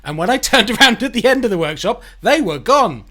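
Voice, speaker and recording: A man's voice: high voice, sing-song, brisk, pushed and bright. A man co-hosting a podcast in casual chat, joking and laughing as he tells an anecdote, with some swearing. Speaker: podcast co-host.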